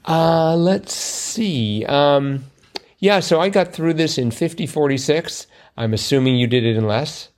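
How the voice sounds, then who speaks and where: A man's voice: on the high side, animated, measured pace. A man co-hosting a podcast, chatting casually and self-deprecatingly, with plenty of fillers and restarts. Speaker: podcast co-host. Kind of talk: casual chat about crosswords.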